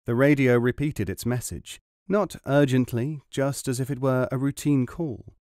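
A male audiobook narrator with a measured, even delivery. His mid-pitched voice is recorded close and dry, with no room sound. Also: no echo.

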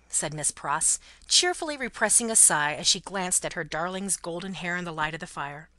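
A woman reads a classic novel aloud as expressive scripted narration. Her pitch moves in lively swings and her tone is bright and forceful. The recording is dry and close. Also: normal speed, few pauses, dry recording. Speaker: audiobook narrator.

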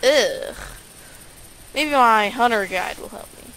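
A woman's voice: on the high side, expressive, slow pace, a bit bright, a little hiss or hum, poor audio. A woman giving casual, sarcastic let's-play commentary, grumbling and talking to herself as she plays. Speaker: gaming YouTuber.

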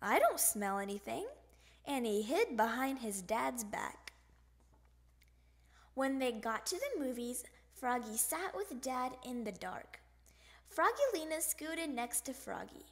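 Woman storybook reader, high bright voice, unhurried, animated read-aloud. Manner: animated, sound effects and character voices. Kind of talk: expressive picture book read-aloud.

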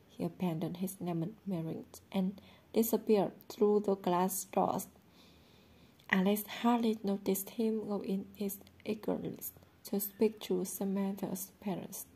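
A woman narrating a novel aloud in a steady, plain reading voice. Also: mid-range voice, a little slow, breathy edge. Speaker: audiobook reader. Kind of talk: storybook narration.

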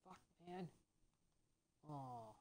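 A woman giving casual let's-play commentary, getting frustrated, swearing and yelling at enemies, then apologizing for her language. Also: animated, extremely slow, rough recording. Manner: pitch jumps high when annoyed.

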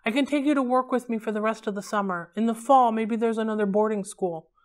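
Soft anxious mom, hesitant and pleading, read by a woman. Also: fairly high pitch, fairly even intonation, quick pace, lightly acted. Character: gentle worried mother, anxious and soft.

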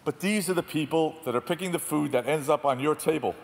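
A man speaking on stage as a photojournalist, telling war stories in an animated, self-deprecating way. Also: a little high, fast, vocal fry. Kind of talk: storytelling talk on stage. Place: large theatre hall. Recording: distant reverberant hall, faint noise.

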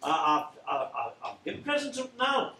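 A man's voice: on the high side, sing-song, moderate pace, heavily acted. A man voicing a chatty, boastful old queen in a plain voice, with a jokey, matter-of-fact manner. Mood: boasting. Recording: roomy, distant, loud instrument.

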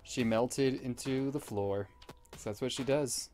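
A man giving let's play commentary, rambling with deadpan absurd jokes. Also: medium pitch, unhurried. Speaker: gamer.

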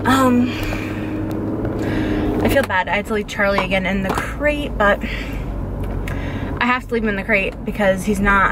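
A woman's voice: mid-range voice, noisy background. A young woman vlogging casually to camera from her car and home, talking in a chatty way full of "like" fillers. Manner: chatty, filler-heavy, many "like"s. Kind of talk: casual vlog chat to camera. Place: inside a car, then at home.

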